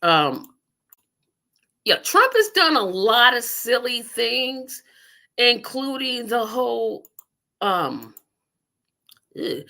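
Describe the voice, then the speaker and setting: A woman's voice: fairly high pitch, big pitch swings, very slow, creaky, pauses often, bright, forceful tone. A woman hosting a casual political livestream, rambling and talking to her viewers while she multitasks. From Indiana. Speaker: livestream host.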